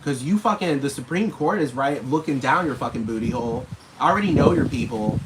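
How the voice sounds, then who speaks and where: Vlogger man, off-the-cuff profane rant, mid-pitched voice, steady background noise. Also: a little fast. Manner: rambling, profane, talks straight at his targets. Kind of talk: casual rant to camera. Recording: noisy background hiss.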